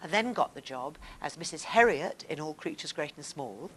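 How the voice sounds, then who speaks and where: A woman's voice: sits low, normal speed, slight background noise. An older woman telling personal stories expressively to a live audience, acting out the scenes. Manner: expressive, animated, acts out scenes. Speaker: guest speaker on stage. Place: stage before a live audience.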